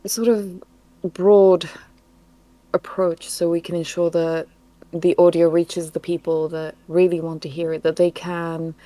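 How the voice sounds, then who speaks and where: A woman with a mellow, rather low voice speaks on a casual live stream. She explains her creative process thoughtfully and in measured phrases. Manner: thoughtful, measured, laughs softly. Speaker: co-host and voice actress.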